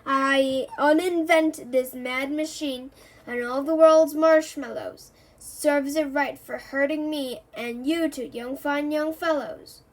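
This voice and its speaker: A woman's voice: sits high, measured pace. A woman reading aloud the lines of a pompous, eccentric older male professor who makes grand pronouncements. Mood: proclaiming. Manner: grand, proclaiming, easily offended.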